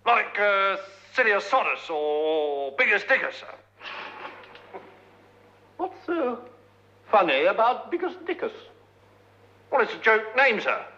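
A man's voice: high-pitched, very animated, slow, pauses often, bright, forceful tone, highs cut off, voice pushed up, exaggerated voice. A man voicing a pompous male Roman governor with a heavy lisp, haughty and indignant. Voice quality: lisping.

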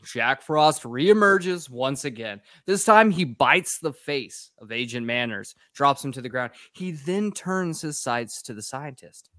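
A man's voice: medium pitch, animated, unhurried, hardly any pauses, bright, forceful tone, no room sound. Guy cohost swearing thru a movie recap, dry close mic, jokey. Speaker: podcast co-host.

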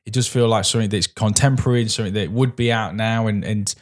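A man's voice: on the low side, fairly even intonation, fast. A man co-hosting a casual film review chat, rambling with frequent restarts and hesitations. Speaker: podcast co-host.

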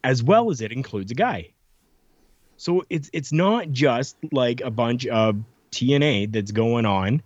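A man's voice: mid-range voice, unhurried, dry recording, muffled recording. A man telling stories in a casual chat, acting out the lines of people he quotes. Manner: animated storyteller, acts out quotes. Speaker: podcast guest telling stories.

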